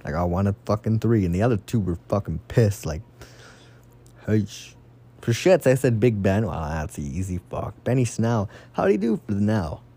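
A young man rambles through his fantasy football picks alone in casual commentary, swearing freely and getting worked up, jumping between excited bursts and offhand asides. His slightly low voice is mellow and dark with a breathy edge, at a moderate pace.

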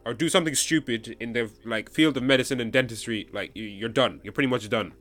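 A man's voice: medium pitch, quick pace, fairly bright tone, soft background music. A man hosting a casual podcast chat, reading out a news story and insisting his friends listen. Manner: reads news articles aloud to friends. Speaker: podcast host.

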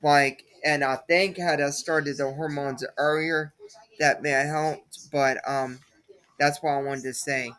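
A woman's voice: sits low, steady tone, a little slow, a bit bright. Rambling young woman podcast host. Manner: rambling and repetitive, with many fillers. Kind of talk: casual solo podcast monologue.

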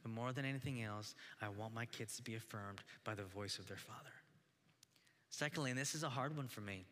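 Earnest pastor with a bright voice. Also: male voice, on the low side, fairly quick, a little hiss or hum. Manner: earnest, exhorting, with many restarts. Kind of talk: sermon. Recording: long hall reverb.

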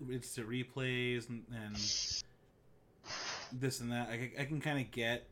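Over a remote call on his own mic, a podcast host jokes his way through a mock ad read and some rambling chat. His voice is mid-range and a bit bright.

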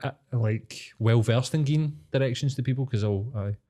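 A man's voice: mid-range voice, mellow. Sweary Glaswegian man telling stories. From Scotland. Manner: sweary storytelling with quick acted-out voices. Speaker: podcast co-host. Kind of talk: casual chat.

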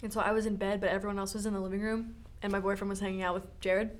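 A woman's voice: mid-range voice, level tone, rapid-fire. A young woman co-hosting a podcast, chatting casually and saying "like" a lot. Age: young adult. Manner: chatty, says "like" often. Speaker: podcast co-host. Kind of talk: casual chat.

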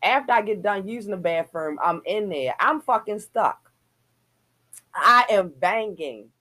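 A woman co-hosting a casual chat, telling an animated story and swearing freely. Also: mid-range voice, a little slow. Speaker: podcast co-host.

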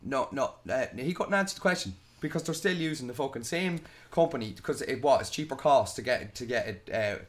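A man's voice: mid-range voice, animated, a little fast, hardly any pauses. A young Irish man ranting in a casual podcast chat, swearing a lot and retelling arguments. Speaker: podcast host.

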